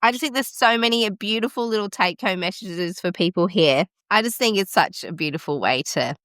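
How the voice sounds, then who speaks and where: A woman midwife hosting a podcast, chatting casually and warmly affirming her guest. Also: mid-range voice, fairly quick, no room sound, clean studio sound. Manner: enthusiastic and affirming. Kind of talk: casual interview chat.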